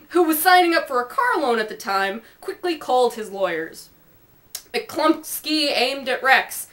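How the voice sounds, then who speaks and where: A woman reads out her own silly homemade story, slipping in playful asides and giggles. Her voice is high and bright, quick to break into laughter. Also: big pitch swings. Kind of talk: comic homemade story reading.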